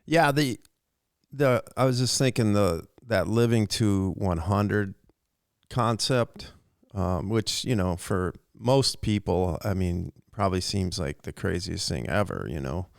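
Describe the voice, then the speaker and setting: A man's voice: deep voice, takes it slowly, creaky, no room sound, clean studio sound. A man co-hosting a podcast, musing thoughtfully and hesitantly. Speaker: podcast co-host. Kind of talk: casual podcast chat.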